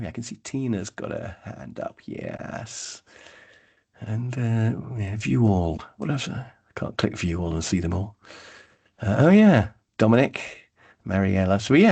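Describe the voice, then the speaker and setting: A man, running a live online training workshop, chatty and lively, calling on attendees by name. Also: medium pitch. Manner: lively, chatty, acts out brief voices, addresses attendees by name.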